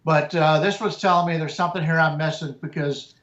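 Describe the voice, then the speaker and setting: A man, a sports handicapper, giving measured betting analysis and often restarting his words. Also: on the high side, steady tone, a bit bright, roomy sound, dull audio.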